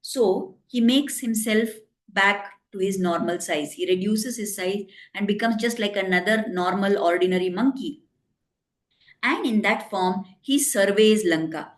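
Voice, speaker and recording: A woman's voice: medium pitch, unhurried. Woman telling a devotional story. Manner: explains and retells in simple English, quoting characters.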